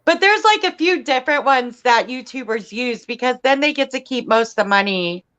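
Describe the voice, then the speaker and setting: A woman co-hosting a live crochet show, chatting casually and slowly searching for her words. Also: sits high, animated, a bit bright. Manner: slow and searching for words, with fillers. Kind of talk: casual live-stream chat.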